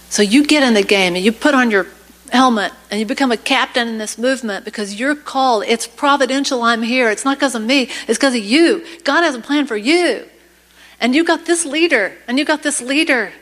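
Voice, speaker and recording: A woman's voice: fairly high pitch, fairly quick, a bit bright, rough recording. A woman speaking as a guest in a church service, telling a personal story and rising into passionate exhortation. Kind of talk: preaching testimony. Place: church sanctuary.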